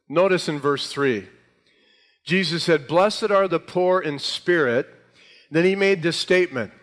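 A man's voice: on the high side, a bit bright. Preaching man in an echoing hall. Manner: emphatic preaching, rising for scripture. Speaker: pastor. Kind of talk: sermon. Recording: hall reverb.

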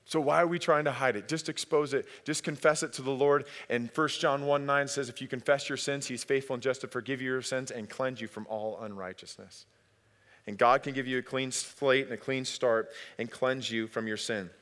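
A middle-aged male pastor preaching a sermon, lively in his storytelling and acting out family voices. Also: medium pitch, moderate pace. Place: church sanctuary. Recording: long hall reverb.

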